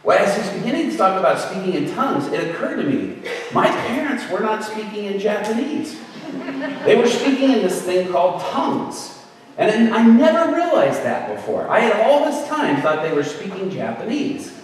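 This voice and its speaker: A man's voice: high voice, moderate pace. A middle-aged man telling a humorous story as a guest speaker, acting out the voices of the people in it. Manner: animated storytelling, acts out voices. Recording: echoey hall from far off.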